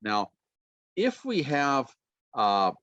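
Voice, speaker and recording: A man teaching a pronunciation lesson, modeling phrases slowly and repeating sounds. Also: mid-range voice, wildly swooping pitch, a bit bright, clean tone, no room sound, lo-fi sound. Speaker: university lecturer.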